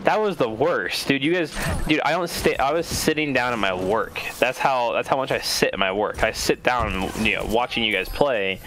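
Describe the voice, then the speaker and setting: A man's voice: mid-range voice, animated, normal speed, few pauses, fairly bright tone, a little hiss or hum. A man chatting casually on a gaming stream as an organizer, rambling and repeating words, swearing freely.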